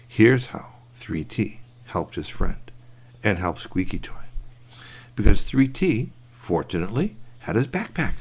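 A man telling a bedtime story to a child, animated, with sound effects and asides to the listener. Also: fairly low pitch, a little slow, husky.

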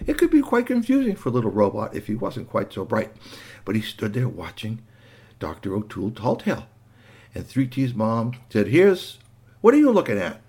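A man narrating a children's story in an animated way, adding sound effects and asides. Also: on the low side, normal speed, breathy edge.

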